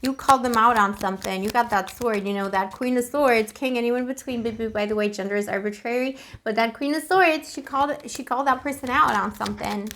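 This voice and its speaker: A fairly high-voiced woman reads tarot cards in a loose, conversational way. She gets emotional as she goes and sprinkles pet names like boo throughout. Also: fairly quick, few pauses, fairly bright tone, a little hiss or hum. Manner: chatty, emotional, calls the listener boo. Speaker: tarot reader. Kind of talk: casual tarot reading to camera.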